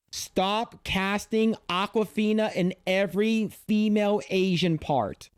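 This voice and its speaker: A man casually reacting to a video as a streamer, rambling and animated, with many restarts. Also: sits high, slow, hardly any pauses, clean tone, no echo, clean studio sound.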